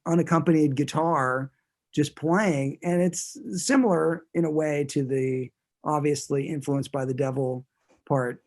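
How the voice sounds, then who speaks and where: A man's voice: a little high, gravelly, a little mellow. A man who is a guest musician, chatting casually in an interview and talking in a rambling way, with many restarts.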